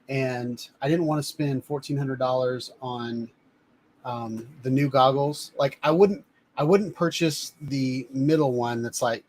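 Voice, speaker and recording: A man's voice: mid-range voice, darkish tone. A chatty, rambling man talks casually on his own live stream, voice sitting in an ordinary middle register. He holds items up to the camera from a home studio desk, with a faint hum of background noise. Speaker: live-stream host reviewing drones.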